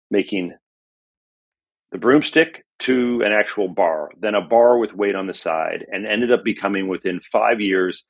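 A middle-aged author and journalist, speaking in a fairly low, slightly rough voice, is a guest in a conversational interview captured on a muffled recording. He reflects and tells stories, using frequent fillers.

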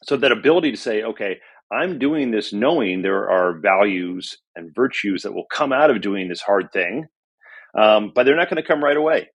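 Husky lowish-voiced guy, middle-aged author chatting thoughtfully in an interview, lots of ums. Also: expressive, normal speed. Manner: reflective, storytelling with frequent fillers. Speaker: author and journalist guest. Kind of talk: conversational interview.

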